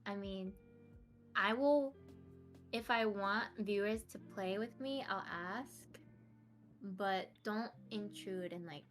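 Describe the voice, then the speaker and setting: Brief: young woman guest, slow easygoing delivery, chatty, quick to laugh. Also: medium pitch, soft background music. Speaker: streamer guest. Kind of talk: casual interview chat.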